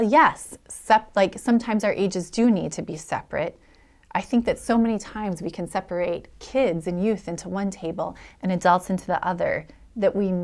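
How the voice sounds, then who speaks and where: Gravelly-voiced woman pastor preaching. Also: on the low side. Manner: conversational storytelling with animated quoted voices. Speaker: executive pastor. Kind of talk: sermon.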